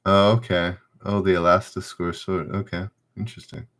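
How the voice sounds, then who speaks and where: A man's voice: deep voice, little pitch movement, moderate pace, fairly bright tone. A man hosting a live-streamed trivia game, reading questions aloud and chatting loosely with viewers.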